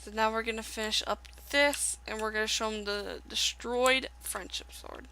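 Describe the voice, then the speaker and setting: Chatty young woman, gravelly voice. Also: on the high side, fairly even intonation, normal speed, sharp tone, a little hiss or hum. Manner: chatty, rambling, with fillers. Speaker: gaming video creator. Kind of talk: casual let's-play commentary.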